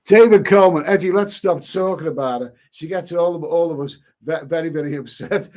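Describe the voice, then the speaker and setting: A man's voice: a little high, brisk, few pauses, darkish tone. A man hosting a casual live stream, reading viewer comments aloud and answering them with rambling, chuckling asides and many restarts.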